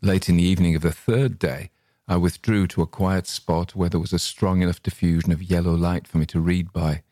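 A man reading a short story aloud as its narrator, in a measured, unhurried way. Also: deep voice, steady tone, mellow, dry recording, studio quality. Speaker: story reader.

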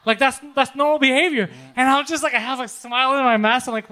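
Fast, bright-voiced man telling stories. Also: very high voice. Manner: swearing, animated storyteller who yells when quoting. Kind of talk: casual chat.

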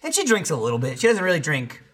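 An animated man telling loose, profane stories in a casual podcast chat. His voice swings lively up and down and has a bright, forceful edge. He keeps breaking into voices of the people in his stories. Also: on the high side, fast talker. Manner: animated storyteller, swears a lot, does voices. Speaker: podcast regular.

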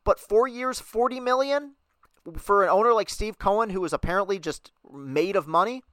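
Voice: medium pitch, normal speed, a bit bright, clean tone, no room sound. A podcast host delivering a heated, sarcastic sports talk monologue on a close mic.

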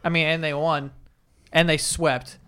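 Slightly higher-voiced man in sports chat. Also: level tone, a little slow, sharp tone, clear, resonant tone. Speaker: podcast co-host.

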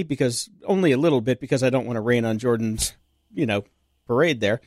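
A man's voice: mid-range voice, brisk, a little mellow, no room sound, studio quality. A male podcast producer and co-host chatting casually in an upbeat, joking, emphatic way.

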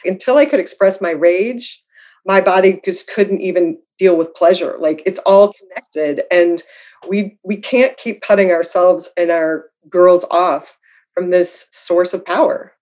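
A woman's voice: on the low side, measured pace, darkish tone. Woman guest on a podcast, earnest and reflective, cracks self-deprecating jokes, sound a bit muffled and lo-fi. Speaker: guest author. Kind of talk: candid conversational storytelling. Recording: slightly dull lo-fi audio.

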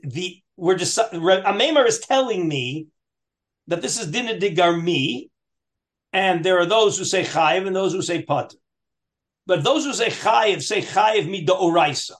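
A man teaching a Talmud class, reading passages aloud in a lilting chant and then explaining them with frequent restarts and questions to his students. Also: high-pitched. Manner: reads Aramaic text aloud in a singsong lilt, then explains, with many restarts.

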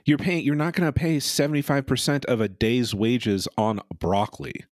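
A male podcast co-host talking in a loose, incredulous way, his pitch leaping around as he gets worked up. He swears freely. The sound is close and dry. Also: animated, moderate pace, dry recording. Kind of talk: casual chat.

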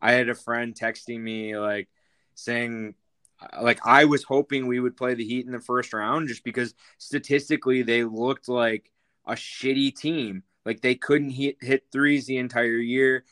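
A man co-hosting a sports podcast, talking in a halting way with many fillers. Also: medium pitch, steady tone, sharp tone. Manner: hesitant, full of fillers. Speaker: podcast co-host. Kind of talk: sports talk chat.

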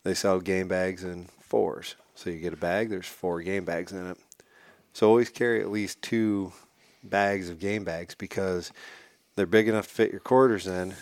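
A man as a podcast guest, telling a hunting story in a casual, animated way and acting out what people said. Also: sits low, moderate pace, dry recording. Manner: animated, acts out quotes.

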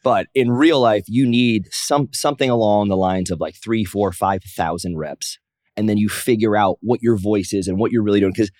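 A man's voice: fairly low pitch, moderate pace, no echo, studio quality. A man, a professional wrestler, telling stories in a casual interview, jumping into raised voices to act out what others said. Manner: animated, acts out quotes in raised voices. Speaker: wrestler and comic, guest.

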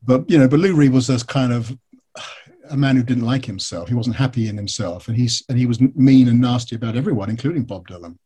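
Husky Englishman telling a lively story. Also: mid-range voice, quick pace. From England. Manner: animated storytelling, frequent fillers and restarts. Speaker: author and biographer, interview guest. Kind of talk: conversational interview.

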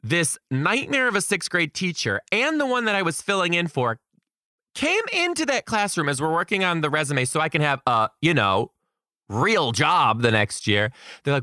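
A man's voice: mid-range voice, a little slow, no echo, clean studio sound. A young adult man, a teacher, telling a story and giving emphatic career advice. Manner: animated, emphatic, quotes people dramatically.

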